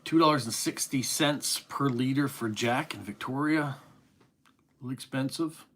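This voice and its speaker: A man's voice: mid-range voice, moderate pace, a bit bright. A middle-aged man with an East Coast Canadian accent, hosting a casual live stream and reading viewer comments aloud in a friendly, chatty way.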